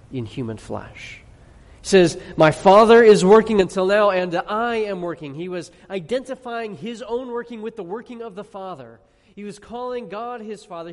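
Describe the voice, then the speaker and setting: A man preaching a sermon, emphatic, asking the audience questions and dropping quiet on key words. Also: high-pitched. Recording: long reverb of a large hall.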